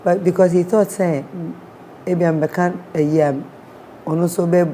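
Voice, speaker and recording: A woman's voice: on the low side, fairly even intonation, measured pace, dark tone, slight background noise. A woman with a Ghanaian accent, a guest sharing a personal story with feeling. She acts out what people said and mixes in Twi words.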